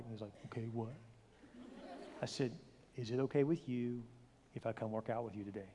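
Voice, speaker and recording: A pastor in his forties preaching a sermon, telling stories with acted-out dialogue and lively delivery. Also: mid-range voice, brisk, pauses often, slight background noise. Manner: animated storytelling, acts out dialogue with shifting voice. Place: large church hall. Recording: hall reverb.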